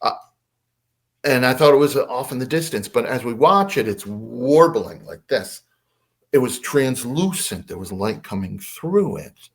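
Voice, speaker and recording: An older man, a podcast guest, telling a personal story in a casual, animated way. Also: mid-range voice, measured pace. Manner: animated, acts out voices in his anecdotes.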